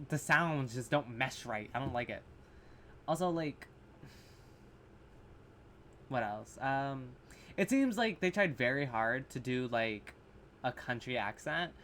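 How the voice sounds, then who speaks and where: A man reviews a horror short in a loose, rambling monologue, with plenty of "like" and "um" and blunt swearing. His voice sits at a middling pitch, picked up by his camera's mic over a faint background hiss. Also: fairly bright tone. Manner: rambling, filler-heavy, swearing, sarcastic. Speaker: horror reaction vlogger. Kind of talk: casual rambling commentary.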